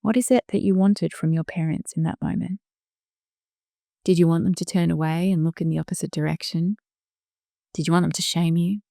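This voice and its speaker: A middle-aged woman hosts a reflective solo podcast in a gentle, slow, soothing manner, now and then dropping to a soft hush. Her voice sits low and warm with a gravelly edge. The recording is dry and close. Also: fairly even intonation, dry recording. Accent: Australian. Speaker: podcast host.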